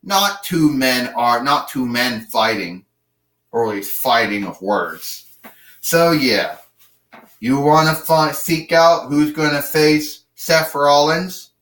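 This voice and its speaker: Slow, rambling male announcer. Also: medium pitch, expressive, a bit bright. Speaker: wrestling show announcer. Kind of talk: home-made wrestling show narration. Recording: roomy, distant from the mic.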